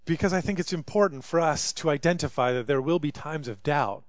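A man preaching a sermon as pastor, acting out scripture voices with rising intensity and then dropping quiet. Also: fairly high pitch, brisk, dry recording. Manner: animated, dramatizes scripture voices, rising loudly for emphasis.

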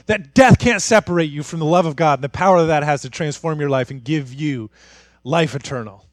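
A man preaching a sermon as pastor, moving from hushed, intimate passages to fired-up, rising declarations. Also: a little high, fairly quick, no room sound, clean studio sound. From Canada.

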